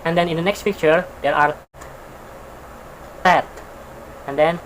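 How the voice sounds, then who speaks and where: Pronunciation teacher, very slow pace, repeats words, simple example sentences, faint air conditioner hum. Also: medium pitch, steady tone, a bit bright, low-quality recording. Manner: repeats each word slowly, explaining with simple examples. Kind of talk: recorded pronunciation lesson.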